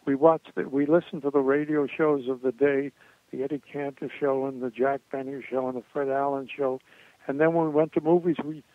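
A man's voice: medium pitch, steady tone, a little fast, dry recording. An older man, a guest in an interview, rambling through anecdotes with many fillers and restarts. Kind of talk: interview storytelling. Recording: tinny phone line, dry.

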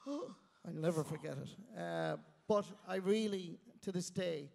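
A middle-aged Irish man from County Clare, a guest telling self-mocking stories in an animated way on a live stage. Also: high-pitched, takes it slowly, gravelly. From Ireland, County Clare. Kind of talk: storytelling interview. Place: live stage before an audience. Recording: long reverb of a live venue.

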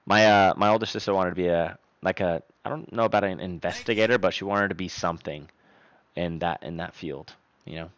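A young man chatting casually on a live stream, loud one moment and mumbling the next. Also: sits low, a little fast, dry recording. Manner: animated, swings between loud outbursts and mumbling. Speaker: livestreamer. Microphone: streaming microphone. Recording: dry, dull lo-fi sound.

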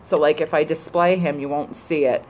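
A young adult woman vlogger unboxing a gift, gushing and excitable, squealing with delight. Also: low voice, moderate pace, a little hiss or hum, rough recording.

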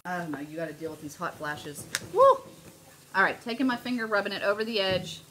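A woman's voice: mid-range voice, very animated, fairly quick, a bit bright, slight background noise. A middle-aged woman hosting a live crafting demo, bubbly and gushing as she chats with her viewers. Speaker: host of a live crafting stream.

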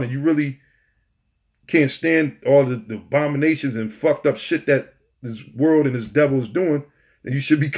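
Blunt, defiant street preacher man. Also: a little high. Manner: blunt, profane and defiant, preaching with scripture quotes. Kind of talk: profane street sermon.

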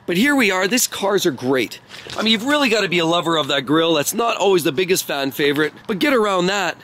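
A man's voice: sits high, big pitch swings, fast, a bit bright, slight background noise. A man doing an enthusiastic walkaround of cars, praising each detail. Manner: effusive, praising every detail. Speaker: car reviewer. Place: outdoors beside parked cars.

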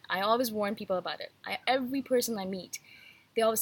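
A woman's voice: on the high side, racing, husky. A woman vlogger talking straight to her viewers in a frank, rambling, emphatic rant, a little feverish. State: slightly feverish. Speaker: YouTube host. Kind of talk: casual rant to camera.

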